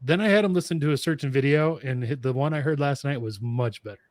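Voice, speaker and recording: A man co-hosting a casual podcast chat, teasing with quick asides. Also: mid-range voice, dry recording. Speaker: podcast co-host.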